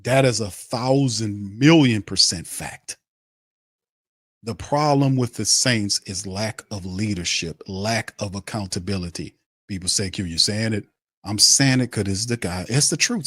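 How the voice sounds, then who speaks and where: A man's voice: lowish voice, fairly bright tone, no room sound. A man hosting a sports podcast, delivering a blunt, heated, profane rant that hammers the same points home.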